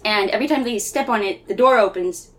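A woman in a casual chat, brainstorming a story in an animated way and acting out bits of it. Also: mid-range voice, fast. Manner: animated, acts out lines with laughter.

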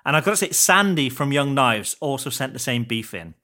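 Wry man with lively pitch. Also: brisk. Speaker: podcast co-host reading listener mail. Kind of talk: casual podcast banter.

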